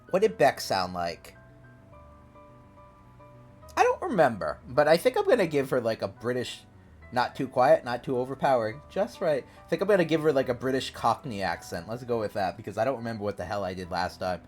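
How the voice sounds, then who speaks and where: Male streamer, animated and rambling, casual live commentary over a desk mic. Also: medium pitch, moderate pace. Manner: chatty, rambling, lively, reads characters aloud. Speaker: streamer playing a story game. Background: faint game piano music.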